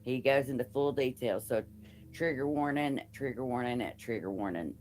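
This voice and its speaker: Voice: mid-range voice, normal speed, a little mellow. Chatty host with faint music behind. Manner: chatty, addresses viewers by name. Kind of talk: casual commentary over clips.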